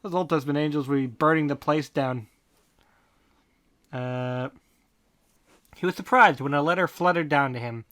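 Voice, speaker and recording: A podcast host reading fan fiction aloud in a deadpan tone, breaking off for snarky comments. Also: medium pitch, moderate pace, pauses often. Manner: deadpan reading broken by snarky asides and laughter. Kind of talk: comic fanfic reading with asides.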